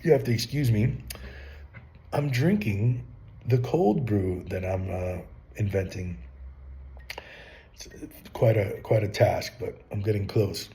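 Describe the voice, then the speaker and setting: Rambling man with a mellow voice. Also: fairly low pitch, slow pace, pauses often. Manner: rambling, restarts often, rhetorical questions. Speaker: channel host giving business advice. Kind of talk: casual advice monologue.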